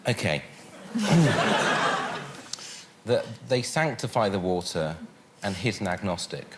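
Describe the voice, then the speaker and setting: A man answering quiz questions in a slow, deadpan comic way. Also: fairly low pitch, big-room sound, very noisy. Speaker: panel show contestant. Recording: studio with loud audience.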